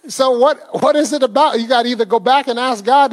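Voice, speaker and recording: A man's voice: extremely high pitch, brisk, few pauses, big-room sound. A man preaching a sermon in a conversational way, quizzing the congregation and laughing often. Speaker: pastor.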